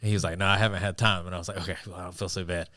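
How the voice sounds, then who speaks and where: A man's voice: low-pitched, little pitch movement, very fast, pushed and bright, no room sound. A man co-hosting a podcast, dropping dry, teasing quips. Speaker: podcast co-host. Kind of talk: casual chat.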